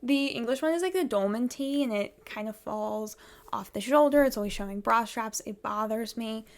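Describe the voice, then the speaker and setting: A woman's voice: a little high, moderate pace. A woman vlogging about theatre in a chatty, rambling way, laughing often. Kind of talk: casual vlog chat.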